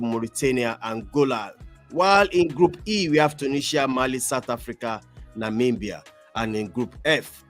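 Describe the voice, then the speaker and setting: A man, hosting a sports talk show, moderating and reading out lists conversationally. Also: medium pitch. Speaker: host.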